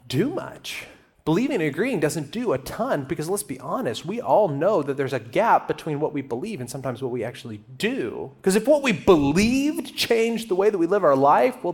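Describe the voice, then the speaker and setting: Guy preaching at church, kinda high voice, chatty and jokey, talks right to the crowd. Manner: joking, animated, talks to the crowd. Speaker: guest preacher. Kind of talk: conversational sermon. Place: church auditorium.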